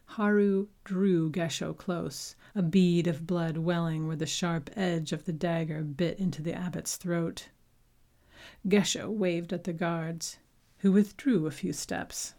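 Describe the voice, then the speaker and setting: A woman reading a story aloud as narrator, with a measured, unhurried delivery. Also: fairly low pitch, steady tone, a little mellow. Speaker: audiobook narrator. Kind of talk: scripted narration.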